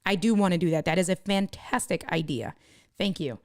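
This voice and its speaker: A woman's voice: lowish voice, brisk, darkish tone, dry recording, studio quality. A woman live streaming, chatting casually with viewers, demonstrating camera gear and reading comments aloud.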